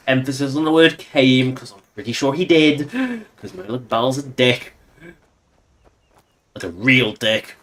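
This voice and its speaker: A man's voice: mid-range voice, measured pace, a bit bright. A man giving casual, sarcastic, rambling commentary while he plays a game on stream.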